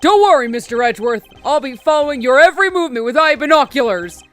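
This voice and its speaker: A woman voicing an eager, loyal male police detective, reading game dialogue loudly and pitched up. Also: fast talker, soft background music. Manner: loud and excited, pitched up.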